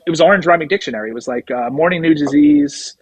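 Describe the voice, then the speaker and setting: A man's voice: a little high, fast, breathy edge, no room sound, poor audio. A middle-aged man, a drummer guest, telling a rambling story and acting out what others said. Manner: rambling anecdotes, acts out quoted dialogue. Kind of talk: casual storytelling interview.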